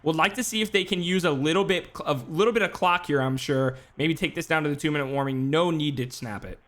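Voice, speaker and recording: A man calling play-by-play for a simulated football game on a live stream, talking fast between plays with casual asides. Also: on the high side, fairly bright tone. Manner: rapid play-by-play, filler-heavy asides. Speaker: play-by-play commentator. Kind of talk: esports sim football commentary.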